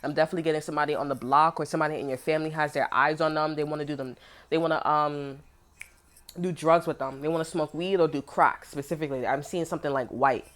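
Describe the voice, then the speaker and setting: Low-voiced young woman, profane and emphatic. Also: steady tone, quick pace. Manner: profane, emphatic, rambling, laughs often. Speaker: tarot reader. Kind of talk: casual tarot reading rant to camera.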